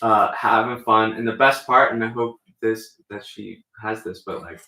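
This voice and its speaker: A man chatting casually in a small talk contest, rambling and halting with many fillers. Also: lowish voice, steady tone, pushed and bright, reverberant, poor audio. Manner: rambling, halting, with bad put-on British accent. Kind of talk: casual banter.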